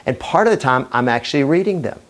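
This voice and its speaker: A man speaks straight to the camera in an energetic coaching talk, at a mid pitch. He drops in deliberate pauses before key words to build weight, and his tone stays upbeat and persuasive. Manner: enthusiastic, uses deliberate dramatic pauses. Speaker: real estate trainer. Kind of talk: energetic training video monologue.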